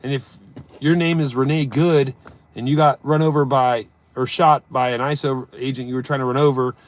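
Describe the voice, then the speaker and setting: A man hosting a casual live stream, joking around and answering viewers' chat, swinging between loud bursts and mumbled asides. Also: medium pitch, steady tone, normal speed.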